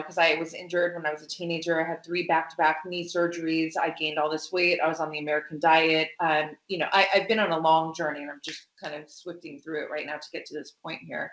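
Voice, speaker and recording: A woman guest talking about food boundaries in a casual interview, emphatic and animated, with lots of fillers. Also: fairly low pitch, echoey room, poor audio. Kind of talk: casual conversation.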